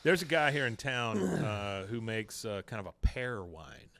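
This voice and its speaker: A man hosting a podcast, casually recapping a cartoon episode with lively storytelling and quick side comments. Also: lowish voice, no room sound. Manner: animated storyteller, acts out quoted lines. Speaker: podcast host.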